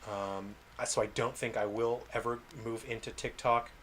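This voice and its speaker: This game developer rambles to his livestream audience, putting himself down and laughing frequently. He speaks at a moderate pace in a steady, mid-pitched, slightly bright everyday voice, with a little hiss or hum.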